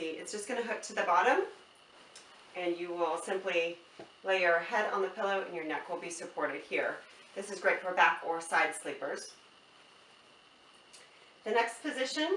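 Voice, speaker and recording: A woman's voice: lowish voice, slight background noise. Woman demonstrating, roomy and distant. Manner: relaxed, explaining step by step with fillers. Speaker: product demonstrator. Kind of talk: casual product demonstration. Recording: roomy, from a distance, faint ambience.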